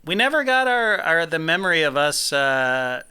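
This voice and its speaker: Laid back guy cohosting a podcast, really bright crisp voice, laughs along a lot. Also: on the high side, very animated. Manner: easygoing, laughing, quick agreeing. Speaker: podcast co-host. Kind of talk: casual chat.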